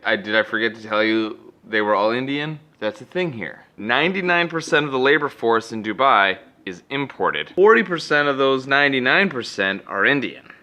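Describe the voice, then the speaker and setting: A man from California, telling a comic story in a rambling, deadpan way from a hotel room. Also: medium pitch, moderate pace, hardly any pauses. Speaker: comedic vlogger. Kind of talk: comedic storytelling.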